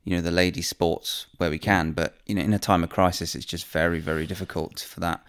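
A deep-voiced British man co-hosts a relaxed chat. His voice is gravelly yet smooth. He muses aloud, often hesitating and starting over, and sounds close and dry. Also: brisk, no echo. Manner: musing, hesitant, with restarts. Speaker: podcast co-host, professional golfer. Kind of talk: casual chat.

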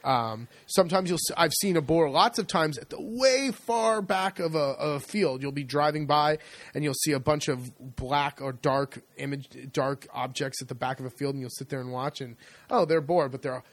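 A man's voice: fairly high pitch, normal speed, dry recording. A man co-hosting a podcast, explaining things in a casual, rambling way. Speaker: podcast co-host. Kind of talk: casual chat.

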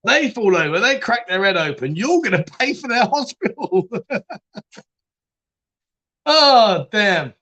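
Casual stream host, man, high and bright, rambling and laughing as he reads comments. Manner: chatty, laughs often, trails off and restarts. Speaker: live chat show host reading viewer comments. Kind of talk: casual live-stream chat.

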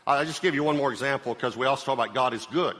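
Bright-voiced man preaching in a hall. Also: medium pitch, rapid-fire. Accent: Southern US. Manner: conversational, repeats phrases, checks in with the audience. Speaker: pastor. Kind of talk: sermon. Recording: live sermon in a reverberant hall.

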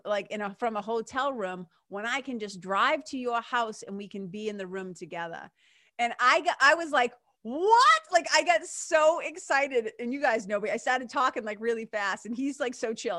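A middle-aged woman, hosting her own podcast and telling a story in an animated, gushing way with quick excited bursts. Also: fairly high pitch, no room sound, clean studio sound. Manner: animated, gushing, fast bursts, casual swearing. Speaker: podcast host.

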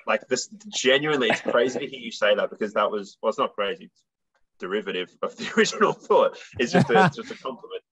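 A man's voice: medium pitch, lively intonation, fast talker, a bit bright, breathy edge, low-quality recording. A young man, a musician guest, telling stories in a casual, rambling way full of fillers. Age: young adult. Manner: rambling, filler-heavy storytelling. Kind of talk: casual interview chat.

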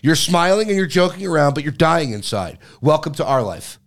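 A man's voice: on the high side, sing-song, brisk. A man co-hosting a casual podcast chat, teasing and swearing. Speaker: podcast co-host.

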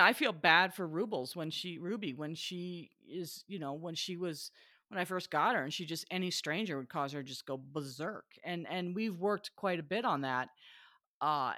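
A woman's voice: low voice, dry recording. Chatty woman dog trainer, dry sound. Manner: chatty, animated, laughs often. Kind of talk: casual chat.

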